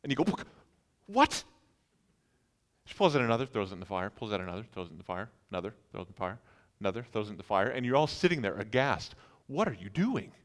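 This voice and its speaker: A male pastor preaching a sermon with lively storytelling. He swings from hushed, low asides to sudden incredulous outbursts as he acts out the reactions of his listeners. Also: rapid-fire, clear, resonant tone.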